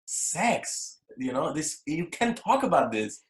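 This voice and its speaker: A man's voice: fairly high pitch, sing-song, slow pace, roomy sound, pitched above the performer's own voice. Give me a man putting on a blunt, disapproving mother with clipped, broken English. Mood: disgusted.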